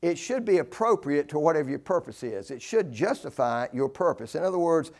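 An older man preaching a sermon, emphatic, repeating key phrases and swinging between loud declarations and hushed asides. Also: on the high side, lively intonation, fairly quick.

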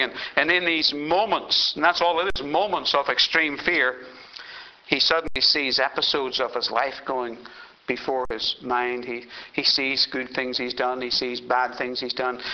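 A man's voice: on the high side, dull audio, a little hiss or hum. A man preaching a sermon as a pastor, telling a story and building to emphatic climaxes.

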